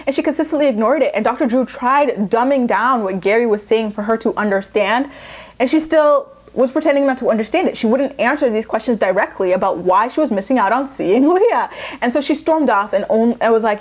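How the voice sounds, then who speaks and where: A young woman vlogger recaps in a casual, chatty way, sassy and full of opinions. Her voice sits fairly high, and her tone stays quick to judge and playful. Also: expressive.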